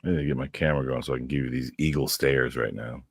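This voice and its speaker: Very deep-voiced joking man. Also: steady tone, quick pace, husky, dry recording, clean studio sound. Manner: joking, laughs often. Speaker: co-guest on a livestream. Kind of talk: casual chat on a livestream.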